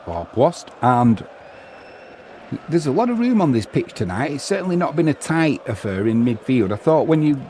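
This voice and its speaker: A man's voice: medium pitch, very animated, normal speed, mellow, a little hiss or hum. A man giving live football commentary on his own, mixing play-by-play with opinionated chatty asides and replies to viewers. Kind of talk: live solo match commentary while reading viewer chat.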